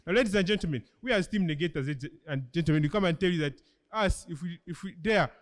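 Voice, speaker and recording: Fast, high-voiced Ugandan teen debater. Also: male voice. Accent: Ugandan English. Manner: emphatic, keeps repeating "ladies and gentlemen". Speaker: school debater, first speaker for the opposition. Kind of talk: competitive debate speech.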